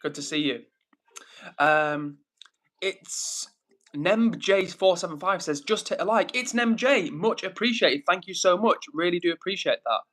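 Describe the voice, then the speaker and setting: A man in his thirties with an English accent, casually hosting a live stream, reading viewer comments aloud and giving friendly shout-outs. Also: high voice, measured pace. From England. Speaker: livestream host.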